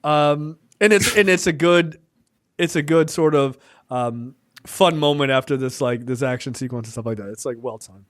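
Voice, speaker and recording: A man co-hosting a casual film review podcast, talking loosely with many fillers and acting out scenes in quick quoted voices. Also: medium pitch, no room sound. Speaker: podcast co-host.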